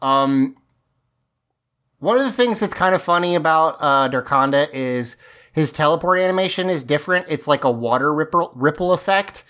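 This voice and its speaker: A man's voice: fairly high pitch, lively intonation, normal speed, a bit bright. Chatty amused man recapping a show. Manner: chatty, amused, rambling with restarts. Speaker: podcast co-host. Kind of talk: casual episode recap chat.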